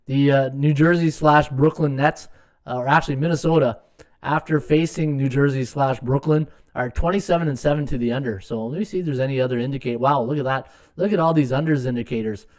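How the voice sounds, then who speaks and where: A man's voice: mid-range voice, a little fast, a little mellow. A man hosting a live sports betting podcast, rambling through stats with many fillers and restarts, sometimes muttering to himself as he checks numbers.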